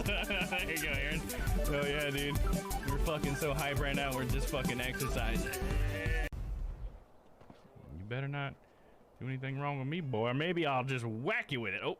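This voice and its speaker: A man streaming a game live, commenting in an excitable, profane way and giggling often. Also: fairly high pitch.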